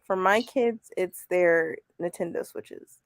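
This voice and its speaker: A woman's voice: lowish voice, takes it slowly, no room sound, studio quality. A woman, hosting a casual livestream chat, laughing often and reading comments aloud. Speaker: host.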